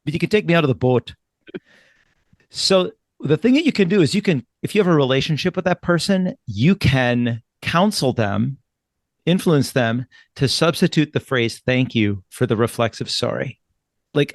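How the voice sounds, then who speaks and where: Midwestern male podcast co-host, calm and instructive, dry close sound, voice at a middling pitch. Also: normal speed, no echo. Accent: Upper Midwest American. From Wisconsin. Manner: calm, instructive, acts out sample phrases. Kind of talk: advice podcast discussion.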